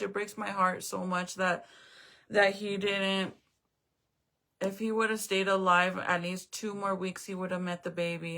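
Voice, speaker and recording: A woman's voice: fairly low pitch, vocal fry, fairly bright tone. A young woman at home chatting casually on a live stream, rambling, swearing now and then and answering viewer comments. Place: at home, indoors.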